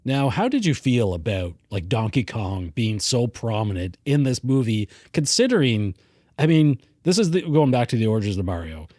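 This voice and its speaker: A man chatting through a casual film review on a podcast, speaking at a middle pitch. He is easygoing and self-deprecating, and laughs often. The recording is close and dry, with no room sound. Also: sing-song, moderate pace, mellow, no room sound. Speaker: podcast co-host.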